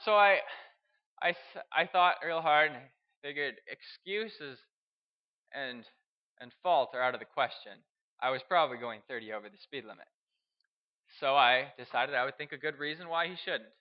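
A young man from Canada, telling a personal story in a halting way, repeating words and chuckling. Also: on the high side, muffled recording. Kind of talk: storytelling speech.

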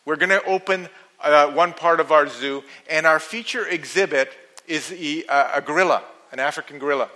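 A man's voice: fairly high pitch, normal speed, pushed and bright, voice pushed down, poor audio. A man doing a worried zookeeper. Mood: matter-of-fact. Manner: plain, explaining, a bit hesitant. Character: worried middle-aged male zookeeper.

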